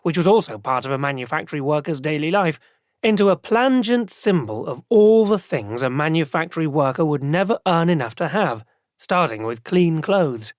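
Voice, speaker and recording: An audiobook narrator telling the story as a thoughtful male prelate, in measured, expressive narration. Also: a little high, dry recording, lightly acted. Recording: dry close studio sound.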